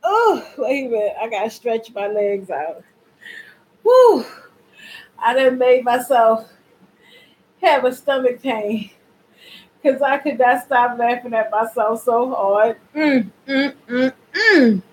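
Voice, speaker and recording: A woman's voice: fairly high pitch, a little slow, a little mellow, a little hiss or hum, low-quality recording. A woman chatting casually and directly to her viewers in a vlog. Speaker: vlogger.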